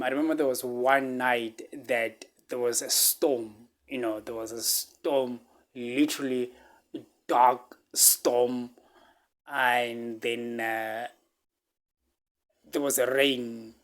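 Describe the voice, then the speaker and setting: This is a man with a mid-pitched voice who speaks at an unhurried, measured pace. He tells a personal story in halting speech, full of fillers and restarts, and he circles back to repeat the same phrases. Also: a bit bright. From South Africa. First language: a local South African language. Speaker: vlogger.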